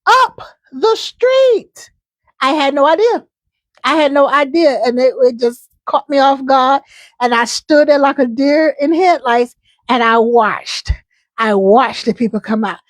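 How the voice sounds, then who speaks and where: A woman's voice: high-pitched, fairly even intonation, a little slow, no room sound. A woman hosting a casual live chat, talking in a chatty, emphatic way and often repeating herself. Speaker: host.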